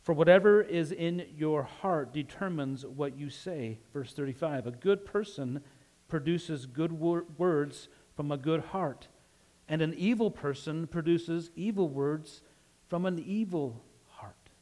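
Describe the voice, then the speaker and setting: Male preacher from Utah, light Western drawl, higher-pitched, relaxed conversational sermon delivery. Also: a little slow. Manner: conversational, asks "right?" often, laughs easily.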